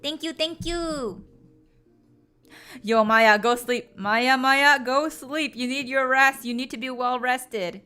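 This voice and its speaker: A woman's voice: high-pitched, steady tone, measured pace, hardly any pauses, sharp tone, clean tone, faint music behind. A young woman chatting casually and playfully with her stream viewers, full of slang and laughter.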